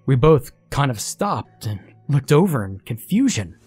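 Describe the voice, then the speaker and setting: Slow, husky man narrating horror. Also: mid-range voice, very animated, darkish tone, no echo, faint music behind. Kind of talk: first-person horror story narration.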